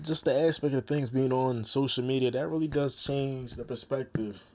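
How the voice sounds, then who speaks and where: A man's voice: mid-range voice, moderate pace, a little mellow. Rambling young man musing to camera. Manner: rambling, slangy, talks straight to the viewer. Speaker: YouTuber. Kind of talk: casual vlog monologue.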